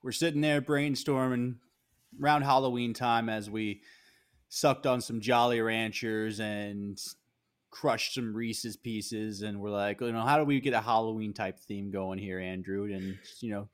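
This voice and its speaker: A man's voice: on the low side, steady tone, a little slow, smooth. A man co-hosting a podcast, talking in a laid-back, joking way in casual chat. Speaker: podcast co-host.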